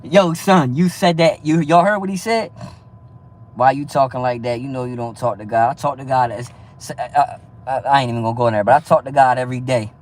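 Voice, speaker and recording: A man's voice: medium pitch, brisk. A man hosting a livestream, rambling to his viewers about faith and keeping it real, full of street slang, profanity and stumbling restarts. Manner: stumbling restarts, frequent "you feel me". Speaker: livestream host. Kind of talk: casual livestream chat with viewers.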